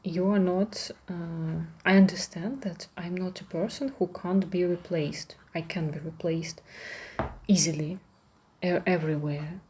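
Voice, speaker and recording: A woman with a Russian accent, talking softly in an ASMR chat. She slips into whispers often and restarts her sentences. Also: fairly low pitch, fairly even intonation, measured pace, slight background noise. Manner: soft-spoken, drifting into whispers, emotional, many restarts. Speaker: ASMR creator. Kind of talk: soft-spoken ASMR chat.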